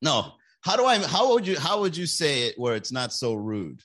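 A young man hosting a casual podcast livestream, rambling and joking, and slipping into quick put-on voices. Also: on the high side, big pitch swings, fairly bright tone. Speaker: podcast host.

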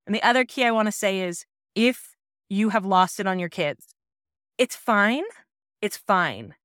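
A woman's voice: mid-range voice, normal speed, clean tone, no room sound, clean studio sound. A woman podcast host telling a personal parenting story in an earnest, reassuring way.

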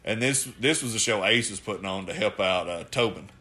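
Man, co-host, bright voice, profane storyteller. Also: fairly low pitch, brisk. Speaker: podcast co-host. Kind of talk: casual chat.

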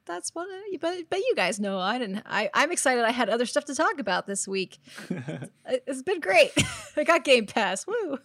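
A woman's voice: high-pitched, sing-song, moderate pace, a bit bright, no room sound. A young woman co-hosting a casual gaming podcast, telling stories animatedly with lots of "like" and laughter. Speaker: podcast co-host.

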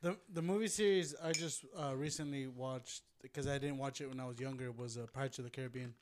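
A man's voice: medium pitch, steady tone, quick pace, background noise. A man in a casual podcast chat, talking in an easygoing, agreeable way.

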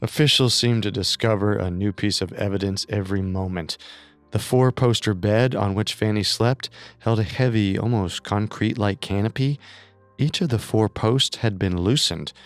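Low, smooth-voiced male narrator. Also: moderate pace, no echo, soft background music. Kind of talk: scripted true-crime narration.

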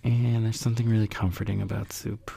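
A man with a low, very gravelly voice talks casually on his solo podcast. His tone is dark and mellow, and his speech wanders and reflects, with sighs and easy laughs. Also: level tone, a little fast. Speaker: podcast host.

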